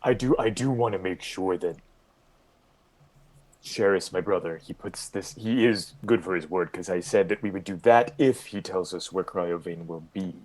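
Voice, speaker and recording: A man playing in a tabletop game, speaking hesitantly and often trailing off in a hushed tone. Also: low voice, normal speed, rough recording. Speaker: player. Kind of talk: in-character tabletop roleplay.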